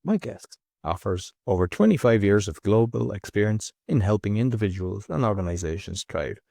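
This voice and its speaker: A man's voice: lowish voice, lively intonation, normal speed, vocal fry, mellow, dry recording, clean studio sound. An Irish man hosting a podcast, reading an intro and chatting loosely with many restarts. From Ireland. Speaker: podcast host. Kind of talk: casual podcast interview.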